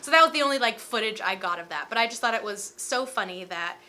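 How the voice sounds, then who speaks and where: A young woman in her twenties telling a casual storytime vlog, chatty and animated and full of filler words. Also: on the high side, fast. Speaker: storytime vlogger.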